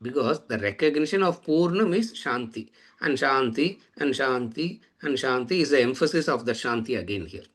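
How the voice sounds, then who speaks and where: Male teacher, mid-pitched, measured lecture style, chants verses slowly. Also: lively intonation, fairly bright tone. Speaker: Vedanta teacher. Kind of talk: scripture lecture.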